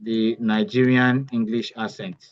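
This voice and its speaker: A man's voice: medium pitch, little pitch movement, a little slow. Man teaching step by step, muffled audio. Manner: step-by-step, repeats key phrases. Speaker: AI bootcamp instructor. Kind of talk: live online tutorial.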